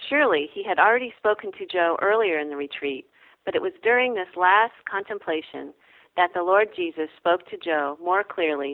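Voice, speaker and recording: Lowish woman narrating, phone-like. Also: no room sound. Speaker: reader. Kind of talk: devotional narration. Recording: dry, phone-like sound.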